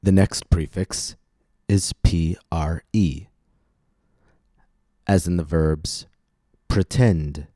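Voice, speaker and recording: Slow, deep-voiced male pronunciation teacher. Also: steady tone, dark tone, dry recording, studio quality. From United States. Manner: slow, deliberate, clearly enunciated drills. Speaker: pronunciation teacher and podcast host. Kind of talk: scripted pronunciation lesson.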